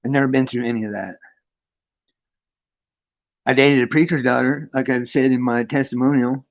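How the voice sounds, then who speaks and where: A man's voice: medium pitch, fairly even intonation, moderate pace, gravelly, highs cut off. Rambling man telling a spiritual story. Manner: rambling, frequent restarts and profanity; reads and greets chat between story. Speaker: livestream host. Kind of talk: casual storytelling on a livestream. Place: his friend's home.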